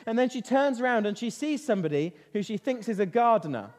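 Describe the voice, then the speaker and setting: A man leading an interactive Bible lesson for children, lively and constantly asking them questions. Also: high voice, quick pace, hardly any pauses. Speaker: children's talk leader. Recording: reverberant hall.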